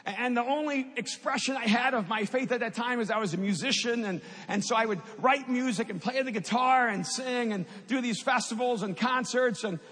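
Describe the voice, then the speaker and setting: A man's voice: very high voice, moderate pace, few pauses, fairly bright tone. A middle-aged man giving a personal faith testimony in a storytelling way. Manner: storytelling, rising to impassioned at climaxes. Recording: long hall reverb.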